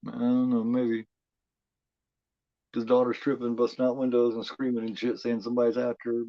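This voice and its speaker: A man hosting a horror watch-along, giving profane, rambling, excitable live commentary on a film. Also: medium pitch, moderate pace, pauses often, dry recording. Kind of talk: casual live movie commentary. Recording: dull lo-fi home recording.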